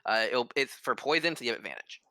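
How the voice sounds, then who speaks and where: A man's voice: mid-range voice, animated, quick pace, pushed and bright, dry recording. A man narrating as game master in a casual, rambling way.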